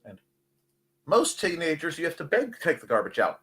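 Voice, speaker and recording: A middle-aged man hosting a casual livestream, reading chat comments in a rambling, jokey way with a slightly hoarse voice. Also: a little high, brisk. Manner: rambling, jokey, animated asides. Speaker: livestream host.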